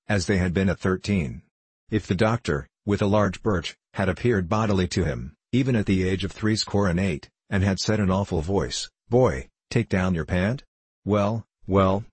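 A man narrating a classic novel as an audiobook in a measured, even reading. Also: low voice, husky, dry recording.

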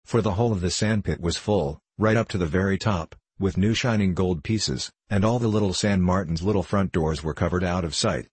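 A man reading a children's storybook aloud in an even, measured way. His voice sits very low with a husky grain, recorded close and dry with no room sound. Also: no room sound. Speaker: audiobook narrator. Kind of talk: storybook narration.

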